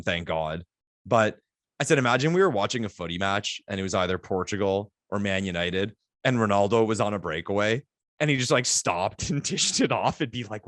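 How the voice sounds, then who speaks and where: A man co-hosting a casual sports podcast, telling stories in an excitable, animated way. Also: on the low side, dry recording. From Canada. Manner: excitable, animated storytelling with laughs. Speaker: podcast co-host.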